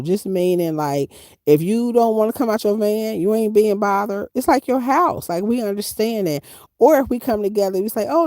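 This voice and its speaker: A middle-aged woman talks casually to her live viewers from inside her van. Her voice sits a little low and warm, swinging widely in pitch as she tells stories. The sound is close and dry. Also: dry recording. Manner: animated, chatty, reads chat aloud, Southern Black vernacular grammar. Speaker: van-dwelling travel vlogger. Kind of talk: casual live-stream chat.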